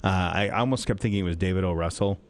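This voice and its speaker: A man co-hosting a radio movie show in casual chat, animated and fond of acting out lines from films. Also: sits low, rapid-fire, dry recording. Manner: animated, acts out movie lines in bursts of raised voice.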